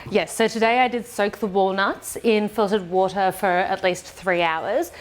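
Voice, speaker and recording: A woman's voice: mid-range voice, fairly even intonation, normal speed. A woman co-hosting a casual cooking chat in her home kitchen, explaining each step plainly with fillers and the odd giggle. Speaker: cooking show co-host.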